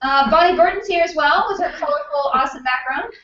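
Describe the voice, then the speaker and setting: A woman's voice: sits high, fast, a bit bright. A woman hosting a book club on a video call, chatty and teasing, talking from her home desk. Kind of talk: casual video-call chat. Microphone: computer mic, wrong one at first. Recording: echoey lo-fi webcam call audio.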